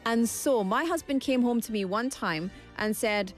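A woman's voice: a little high, a little slow, soft background music. A young woman from Scotland hosting a casual vlog segment, playful and theatrical. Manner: playful, theatrical, shifts into silly voices. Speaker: vlogger.

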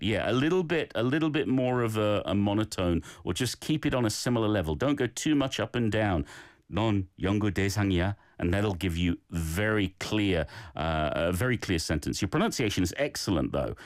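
Lively man giving friendly feedback. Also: medium pitch, no room sound, clean studio sound. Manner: encouraging, gives feedback on learners' recordings. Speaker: Korean phrase teacher. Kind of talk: casual language lesson.

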